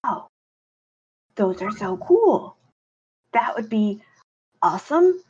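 A woman's voice: on the high side, very animated, slow, mellow, breathy edge, lo-fi sound. A young woman playing a tabletop game, eager and a bit hesitant in her speech. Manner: enthusiastic, hesitant in-character chat. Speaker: player.

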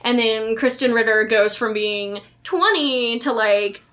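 Brief: woman podcast co-host, slightly high voice, loose rambling plot recap. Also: measured pace, a bit bright. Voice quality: rambling, filler-heavy retelling. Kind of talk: casual movie chat.

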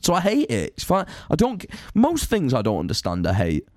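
Male podcast host, sweary rant, lively swinging pitch, dry close sound. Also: brisk, no room sound. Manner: sweary, ranting, animated. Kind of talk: casual chat.

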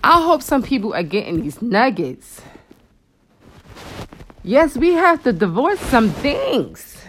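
Over slight background noise, a woman with a fairly high voice speaks slowly as host of a faith talk show. She gives a Christian motivational talk in an emotional, animated style, with frequent asides and exclamations to the Lord, addressing listeners as "girl" and "honey."

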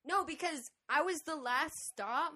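A woman's voice: sits high, unhurried, pushed and bright. A young woman co-hosting a podcast, chatting casually, rambling and correcting herself. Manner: rambling, self-correcting, giggly. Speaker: podcast co-host. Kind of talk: casual chat.

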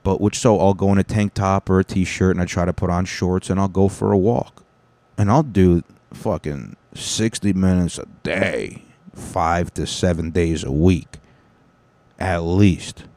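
A man's voice: deep voice, measured pace, darkish tone, dry recording. A man hosting a podcast in casual, rambling, profane chat full of jokes. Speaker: podcast host.

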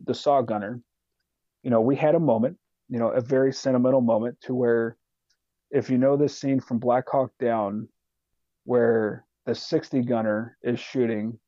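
A man tells a war story in a casual podcast chat, swearing freely and acting out the voices of his squad. His tone is warm and mellow. The recording is dry and dull, like a lo-fi home setup. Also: mid-range voice, no echo. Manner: profane, animated war storytelling. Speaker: podcast guest, retired soldier.

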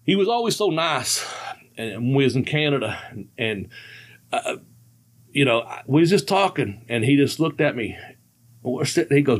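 A man's voice: mid-range voice, sing-song, moderate pace, pauses often. A man in his fifties telling road stories in casual talk, rambling and laughing often, with loose colloquial grammar. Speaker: podcast host telling stories. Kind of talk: casual storytelling chat.

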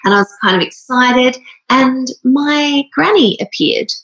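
Woman in her thirties, gravelly fry, rambling heartfelt monologue, near tears. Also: sits high, measured pace, fairly bright tone, dull audio. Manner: earnest, rambling, with many fillers. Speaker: speaker sharing a personal story.

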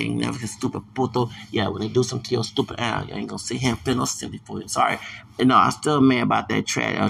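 Male podcast host, solo rant: very gravelly, pushy and heated, repeats himself. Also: medium pitch, sharp tone, slight background noise. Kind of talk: angry monologue rant.

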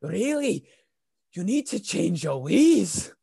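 A young man putting on the voice of a preachy older male stranger who lectures him about energy drinks, higher than his own voice and slower. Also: sing-song, vocal fry, warm tone, slightly rough, no echo, clean studio sound, full character voice. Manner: lecturing, earnest.

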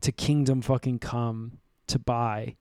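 A man co-hosting a comedy podcast, rambling through an absurd improvised recap with a deadpan delivery. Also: mid-range voice, takes it slowly, clean tone, dry recording, studio quality. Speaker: podcast co-host.

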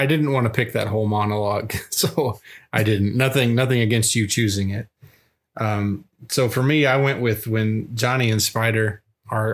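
A man co-hosting a casual movie review podcast, laughing often and quoting scenes with gusto. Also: fairly low pitch. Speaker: podcast co-host.

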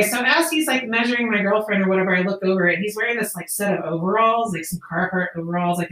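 Fast-talking woman with a roomy, distant sound. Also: medium pitch. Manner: profane, animated storytelling with laughs. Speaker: podcast host. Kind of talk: casual storytelling chat. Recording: roomy, distant amateur podcast mic.

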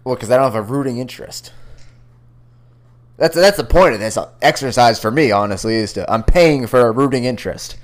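A man's voice: medium pitch, animated, brisk. A young man co-hosting a podcast over a computer call, talking sports in loose, joking banter with plenty of swearing. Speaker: podcast co-host. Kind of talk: casual sports chat.

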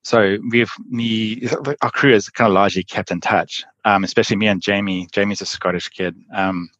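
Brief: man, deep voice, rambling guest storyteller, muffled dry sound. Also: fairly even intonation, normal speed, a bit bright, dry recording. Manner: rambling, filler-heavy, laughs often. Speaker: podcast guest, endurance athlete. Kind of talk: casual storytelling.

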